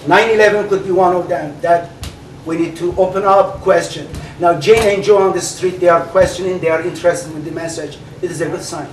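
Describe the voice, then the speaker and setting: A man with a Turkish accent, a native Turkish speaker, giving an animated debate speech full of fillers and restarts. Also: high-pitched, heavy background noise. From Turkey. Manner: animated, halting with many fillers. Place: large hall. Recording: echoey hall recorded from far off.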